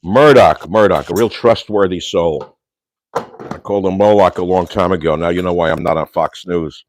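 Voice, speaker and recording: A man's voice: sits low, normal speed, slight background noise. An older man hosting a casual livestream monologue from his home kitchen, rambling and ranting with insults and Yiddish slang. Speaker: host.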